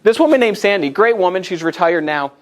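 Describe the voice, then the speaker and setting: A man in his twenties giving a live motivational presentation to a group, telling stories with lively asides to the audience. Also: sits high, fairly quick. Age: 20s. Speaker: motivational speaker. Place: meeting room in front of a live group.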